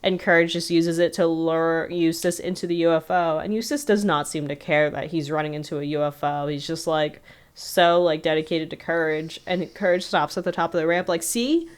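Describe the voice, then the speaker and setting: A woman co-host talks through a cartoon plot in easy, meandering casual chat. Her voice sits a little low and sounds smooth and clean. She leans on fillers and keeps circling back. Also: fairly even intonation, a little fast. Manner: rambling, filler-heavy retelling with frequent "like". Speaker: podcast co-host.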